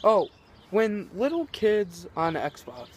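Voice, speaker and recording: A man's voice: high-pitched, sing-song, takes it slowly, slight background noise. A teenage boy vlogging, rambling and exasperated as he rants, swearing often. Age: teens. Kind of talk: ranting vlog.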